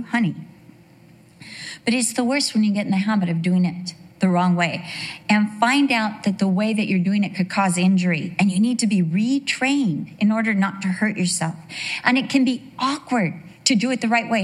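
A woman's voice: mid-range voice, a little fast. A middle-aged woman giving a conversational sermon, telling chatty stories with asides and questions to her listeners. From United States. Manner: chatty storytelling with frequent asides and rhetorical questions. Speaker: Bible teacher.

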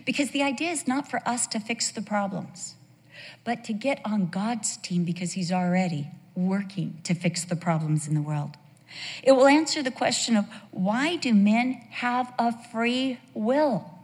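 A woman teaching a Bible sermon to a women's group, conversational and animated, telling stories with rhetorical questions. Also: on the high side, measured pace, in a large hall.

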